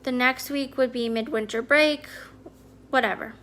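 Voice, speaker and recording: A homeschooling mother speaks casually to her viewers, candid and chatty, full of "like" and "kinda." Her voice sits high and sounds bright and forward. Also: steady tone, moderate pace, slight background noise. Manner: candid, chatty storytelling with many fillers. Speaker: homeschooling parent and consultant. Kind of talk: casual personal vlog talk.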